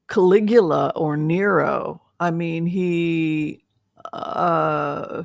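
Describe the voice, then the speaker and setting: Woman tarot reader, casual chat, rambling and playful, gravelly voice, slow delivery. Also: lowish voice, dry recording, studio quality. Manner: rambling, playful, breaks into laughter.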